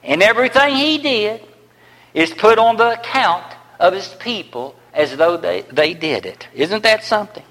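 A man preaching a sermon, with emphatic repeated phrases that swing from loud declarations to hushed near-whispers. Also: high-pitched, lively intonation, normal speed. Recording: long reverb in a large hall.

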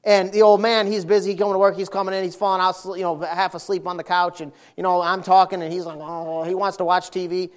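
A middle-aged man preaching a sermon, telling stories in a lively, folksy way and hammering points home with repetition. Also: high-pitched, quick pace, few pauses. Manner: animated, folksy storytelling with emphatic repetition.

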